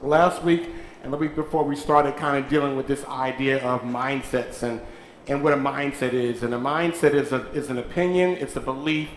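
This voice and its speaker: A man's voice: mid-range voice, steady tone, moderate pace, slight background noise. A man preaching a sermon in a church, calling out to the congregation and teasing them. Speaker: pastor. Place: church sanctuary. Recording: echoey church sanctuary.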